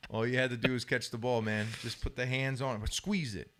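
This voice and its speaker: A man in his thirties, a former football player co-hosting a casual sports chat, animated and joking as he acts out quoted voices. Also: mid-range voice, fast.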